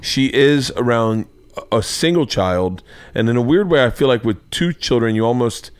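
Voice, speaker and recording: A man's voice: medium pitch, normal speed, smooth, no room sound. A man in his forties hosting a podcast, telling stories in casual chat, acting out dialogue and swearing. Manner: animated storyteller, acts out dialogue, swears. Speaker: podcast host.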